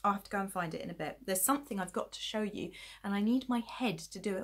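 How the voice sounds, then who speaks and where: A woman hosts a knitting podcast from home late in the evening. She sounds tired and yawns often, but she keeps rambling cheerfully about her knitting and pokes fun at herself. Her voice sits at a middling pitch for a woman. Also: a little fast. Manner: chatty and rambling, self-deprecating, giggly. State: tired, yawning late at night. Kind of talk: casual chat showing knitting to camera.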